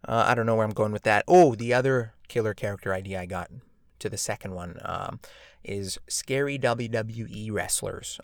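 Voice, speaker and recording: A man's voice: on the low side, no echo, clean studio sound. A man hosting a podcast alone, rambling and joking with lots of fillers and tag questions. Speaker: podcast host. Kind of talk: casual podcast monologue.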